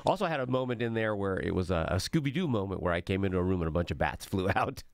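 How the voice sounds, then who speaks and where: Low-voiced man, lively podcast chat. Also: very fast, no room sound, studio quality. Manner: animated, laughs easily while telling stories. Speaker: co-host. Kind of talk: casual chat.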